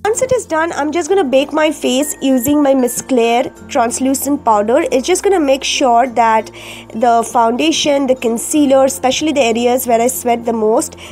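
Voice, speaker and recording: A high-pitched woman talks through a makeup tutorial as a voice-over, explaining each step in turn. Her voice sounds groggy from a cold, and she often pauses or fills gaps with "uh". Soft music plays faintly behind her. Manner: step-by-step explaining with frequent fillers. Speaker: beauty vlogger.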